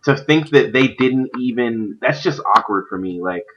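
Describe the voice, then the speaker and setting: A man's voice: medium pitch, normal speed, lo-fi sound. A man hosting a stream, chatting casually about competitive gaming and rambling with lots of fillers. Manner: animated, rambling with many fillers. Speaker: stream host; youth pastor. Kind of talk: casual esports chat.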